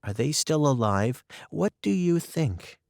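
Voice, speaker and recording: A man voicing a timid, excitable young girl in a storybook reading, eager and pleading. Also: on the high side, slow, vocal fry, no room sound, studio quality, pitched above the performer's own voice, full character voice.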